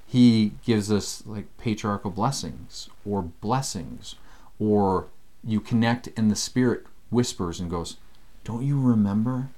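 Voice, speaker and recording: A man leading a casual scripture study lesson, animated and acting out the voices he quotes. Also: fairly low pitch, slow.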